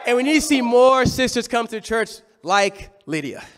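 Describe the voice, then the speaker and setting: A man preaching a sermon, telling the story in an animated, conversational way. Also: very high voice, moderate pace, a little hiss or hum.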